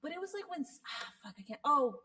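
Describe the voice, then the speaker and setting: Animated woman podcast co-host. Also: high-pitched, a little fast. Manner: animated, swears freely, laughs often. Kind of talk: casual chat.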